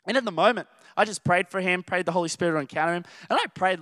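Young Australian male preacher, high voice, rambling animated storyteller. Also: quick pace, no room sound, clean studio sound. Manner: animated, rambling storytelling with many restarts and laughs. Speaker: youth preacher. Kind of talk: casual sermon.

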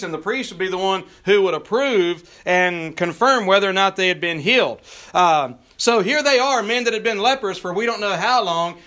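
Guy preaching, pretty high voice, bright and a bit sharp, lots of uh's and folksy asides. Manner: preaching with scripture reading in King James wording, drawn out for emphasis; folksy asides with frequent "uh" fillers. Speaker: pastor. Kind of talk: sermon.

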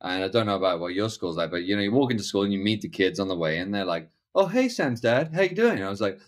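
A middle-aged man with a notably low, deep voice chats as a podcast guest. He rambles, restarts his sentences and leans on fillers as he circles toward his point. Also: fairly even intonation, rapid-fire. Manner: acts out other people's lines in quoted voices. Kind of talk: casual conversational interview.

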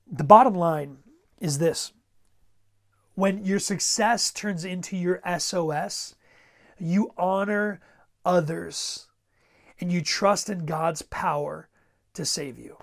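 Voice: medium pitch, sing-song, slow pace, vocal fry, pauses often. A pastor preaching a sermon in a conversational way, repeating words and pressing urgent exhortations.

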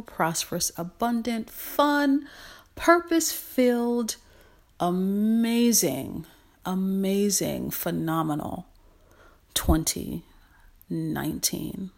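A woman's voice: medium pitch, creaky. A woman hosting a podcast, speaking in an affectionate, encouraging motivational monologue with lots of repetition. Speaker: podcast host.

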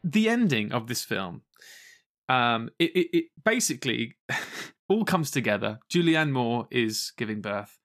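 A man's voice: medium pitch, measured pace, soft background music. Man laughing through a film review. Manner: animated, laughs often, swears casually. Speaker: podcast co-host. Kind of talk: casual film review chat.

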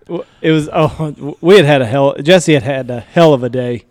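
Podcast co-host, man, a bit high-pitched, rambling crude storyteller, close dry mic. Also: normal speed, a little mellow, no echo. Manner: storytelling, swearing, laughing. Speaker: podcast co-host and hunting guide. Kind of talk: casual podcast banter.

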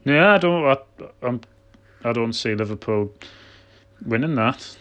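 A man's voice: medium pitch, lively intonation, measured pace, a bit bright. A man with a mid-range voice trades dry, sardonic remarks about football. He co-hosts a casual podcast and swears offhandedly in a laid-back chat. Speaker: podcast co-host.

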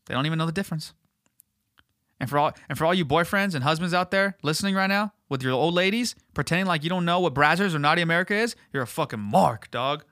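A young man with a bright, forceful voice talks loosely and crudely, swearing as he tells a story. He slips into other people's voices for effect. The sound is dry and close, with almost no room. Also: on the high side, no room sound. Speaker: podcast host. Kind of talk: casual storytelling chat.

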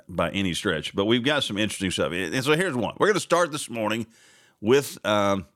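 A man's voice: fairly low pitch, a bit bright. A man hosting a morning talk radio show, reading news aloud with sarcastic, chatty asides and frequent laughs. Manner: reads news items aloud with running commentary. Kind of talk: casual talk radio commentary.

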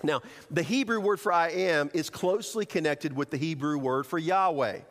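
A man preaching a sermon as pastor, animated, acting out quoted excuses and speeches in a large church. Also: fairly high pitch, normal speed. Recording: long hall reverb.

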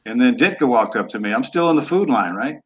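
A man in his sixties, a former quarterback, telling stories in a relaxed, rambling way with some rough language. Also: mid-range voice, quick pace, dull audio. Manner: laid-back, trailing off, rough language. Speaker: guest, former football quarterback. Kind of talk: casual storytelling interview.

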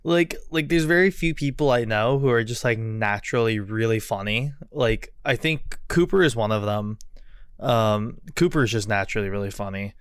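A man's voice: fairly low pitch, normal speed, clear, resonant tone, no echo. Dry-miked rambling male podcast host. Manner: rambling, swears a lot, many fillers. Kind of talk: casual chat.

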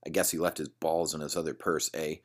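A foul-mouthed bully picks a fight in a bar, taunting and sneering. A man voices him in his own very deep register, a little louder than his narration. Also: flat delivery, brisk.

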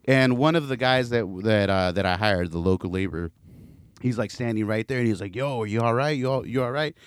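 A man casually telling a story to friends on a podcast, animated and profane, acting out what people said. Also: mid-range voice, brisk, clear, resonant tone, no room sound. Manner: animated, profane, acts out quoted voices. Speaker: podcast co-host.

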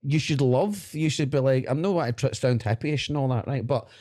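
A Scottish man co-hosting a podcast, chatting casually as an animated storyteller who laughs often and swears. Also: mid-range voice, fairly quick. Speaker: podcast co-host. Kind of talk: casual chat.

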